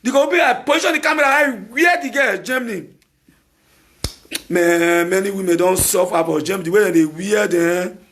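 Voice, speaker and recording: A man with a Nigerian accent hosts a talk show, delivering a brisk, opinionated monologue in a voice that sits high for a man. He hammers his points with repetition and bursts of shouting, over slight background noise.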